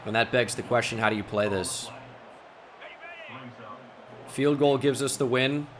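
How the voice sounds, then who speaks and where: A man commentating a football video game as he plays, musing quietly and then shouting at big plays. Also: mid-range voice, a little slow, background noise. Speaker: gaming YouTuber. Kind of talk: gameplay commentary.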